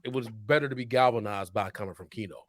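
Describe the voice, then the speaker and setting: A man's voice: on the low side, fast talker, no echo, clean studio sound. Laid-back slangy man, casual podcast chat. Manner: slangy, laughs often. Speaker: podcast co-host.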